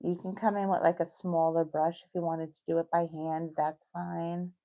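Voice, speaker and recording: A woman's voice: on the low side, level tone, normal speed, warm tone, muffled recording. Chatty New York woman teaching nails. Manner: chatty, reassuring, thinks aloud while working. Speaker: nail technician. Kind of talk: casual tutorial talk.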